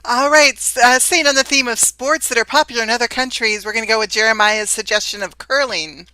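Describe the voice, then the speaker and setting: A woman's voice: on the high side, fairly quick, pushed and bright, no echo. A woman reading audience suggestions aloud for an online improv show, cheerful and chatty. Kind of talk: casual show co-host.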